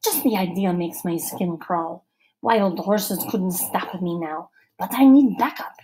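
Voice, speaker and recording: A woman's voice: lowish voice, measured pace, warm tone, a little hiss or hum, close to an everyday voice, poor audio. A woman playing a bold, wise-sounding young boy. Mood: eager.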